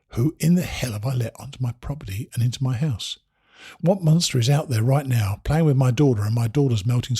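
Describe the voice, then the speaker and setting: Man with a mellow, husky reading voice. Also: medium pitch, no room sound, studio quality. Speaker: narrator. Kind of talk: reading a first-person memoir aloud.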